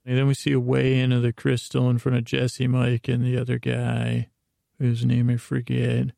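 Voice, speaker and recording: A man with a very gravelly, creaky voice rambles through a bedtime retelling, meandering and drowsy. His tone is mellow and nearly monotone. The sound is close and dry, with no room around it. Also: medium pitch, moderate pace, no echo. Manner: meandering, drowsy, full of fillers and restarts. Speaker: podcast host.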